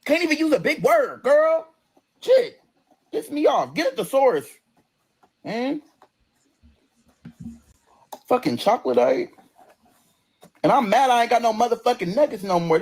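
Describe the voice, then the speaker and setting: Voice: mid-range voice, big pitch swings, measured pace, long pauses, darkish tone, husky. A person ranting on a livestream in a combative, profane, sassy way, straight into a phone.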